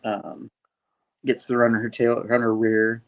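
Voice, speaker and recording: A man's voice: mid-range voice, level tone, slow pace. A man hosting a casual comic book review, retelling the story playfully with sound effects. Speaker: host.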